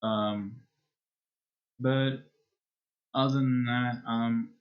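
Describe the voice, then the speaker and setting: Slow, rambling male streamer. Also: mid-range voice, steady tone, dull audio. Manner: rambling and hesitant, with many restarts. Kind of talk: casual chat wrapping up a live stream.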